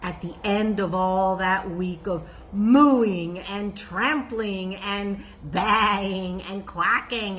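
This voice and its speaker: A woman telling a folk tale in an expressive, reflective way, then drawing out its lesson. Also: mid-range voice, takes it slowly. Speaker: storyteller. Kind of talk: folk tale storytelling with a moral.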